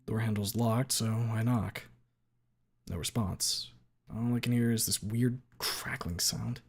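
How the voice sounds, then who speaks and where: A man streaming a visual novel, reading the narration aloud as a low, muttered inner monologue with some swearing. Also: a little slow, vocal fry, slightly rough.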